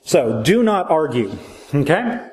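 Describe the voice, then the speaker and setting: A man's voice: fairly high pitch, very animated, takes it slowly, a little mellow. A man teaching a church Bible class in a casual, joking way, asking his listeners questions as he goes. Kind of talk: conversational Bible class lecture.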